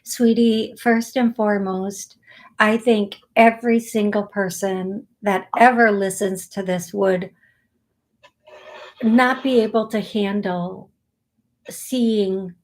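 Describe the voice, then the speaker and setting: A woman hosting an online psychic medium show, speaking gently and consolingly in rushes with many restarts, over a video call. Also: medium pitch. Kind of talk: live online show, relaying messages.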